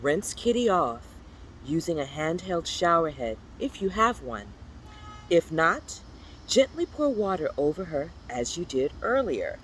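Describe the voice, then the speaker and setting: A storyteller reads a children's picture book aloud with a playful, animated delivery. The pitch swoops up and down, and now and then jumps into high, squeaky exclamations. Faint noise hums in the background. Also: unhurried, poor audio.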